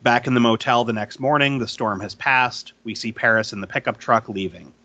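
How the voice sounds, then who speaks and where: Bright-voiced man recapping a movie, chatty. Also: mid-range voice, fairly quick, no echo. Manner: chatty, laughs easily, swears casually. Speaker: podcast host recapping a movie. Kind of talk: casual chat.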